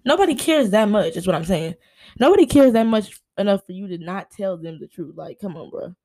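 A young woman hosting a casual solo podcast, ranting in an animated, exasperated way and calling her listeners "y'all" and "honey.". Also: mid-range voice, vocal fry. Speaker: podcast host.

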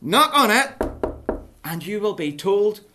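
An earnest, wise man gives clear directions in a children's Bible story, quoted by a storyteller. The voice rises a little and sounds instructive. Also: medium pitch, big pitch swings, slow, noisy background. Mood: instructing. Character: wise male preacher giving directions.

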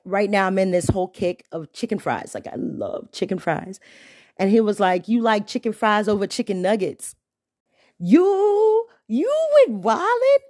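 A young adult woman hosting a podcast, telling a story in a casual, slangy way and jumping up in pitch when she is indignant. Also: dry recording, clean studio sound. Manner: animated, exclaims with sharp pitch jumps when indignant; slangy, conversational. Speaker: podcast host.

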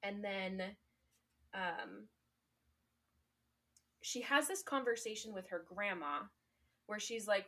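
A woman's voice: mid-range voice, slow pace, long pauses, a bit bright. A young woman in casual conversation on a podcast, retelling a tale in a chatty way. She leans on "like" and fillers as she goes and laughs often. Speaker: podcast co-host. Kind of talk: casual chat.

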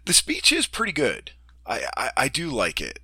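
A man's voice: mid-range voice, huge pitch swings, moderate pace, gravelly, bright, forceful tone, slightly rough, dry recording. A man co-hosting a casual podcast, talking with enthusiasm, laughing often and repeating his words. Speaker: podcast co-host.

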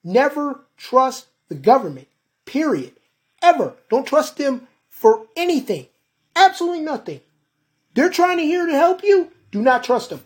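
A woman's voice: sits high, very animated, moderate pace, a little mellow. A woman podcast host delivering a heated, profane monologue and calling her listeners "folks". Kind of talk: ranting monologue.

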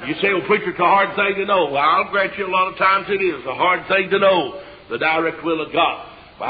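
Shouting Southern evangelist, high and lo-fi. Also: male voice. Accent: Southern US, East Tennessee. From Tennessee, USA. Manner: folksy storytelling, breaks into shouting. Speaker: evangelist preacher. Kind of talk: revival sermon. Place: church service before a congregation. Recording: dull lo-fi live church recording. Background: congregation calling out amens.

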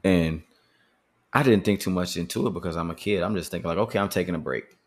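A podcast host with a low voice talks fast, earnest yet casual, about handling anger in a motivational vein. He often repeats words while thinking things through.

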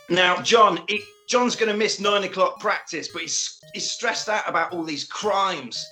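A man co-hosting a podcast, recapping a film in casual chat with animated, joking retelling and acted-out quotes. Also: sits high. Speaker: podcast co-host.

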